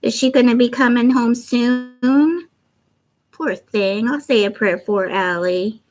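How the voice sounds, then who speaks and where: Slow-paced and on the high side, this middle-aged woman runs a craft livestream in a roughly recorded clip. She's chatty and warm, reading out comments from her viewers.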